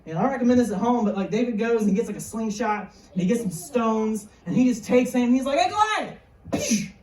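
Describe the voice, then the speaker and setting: A woman's voice: on the high side, fast talker, mellow, a little hiss or hum. A woman giving a casual, joking sermon to young people in a church hall. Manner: jokey, chatty, slangy. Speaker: youth speaker. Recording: roomy hall, mic far off.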